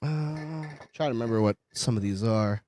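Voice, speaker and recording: A man's voice: mid-range voice, normal speed, a little hiss or hum. A man co-hosting a casual podcast, joking and swearing freely. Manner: joking, swearing, animated impressions. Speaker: podcast co-host.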